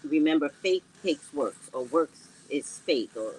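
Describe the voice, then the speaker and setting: A deep-voiced woman at a measured pace hosts a casual psychic livestream in her home, animated and jokey as she talks to chat. The recording is low quality with slight background noise, made without an external mic.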